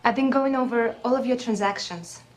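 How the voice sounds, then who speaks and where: A woman's voice: on the high side, a little fast, music in the background, lightly acted. An actress playing a young woman auditor who coolly and insistently confronts her boss in a dramatic film scene. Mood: firm, defiant. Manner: cool and insistent.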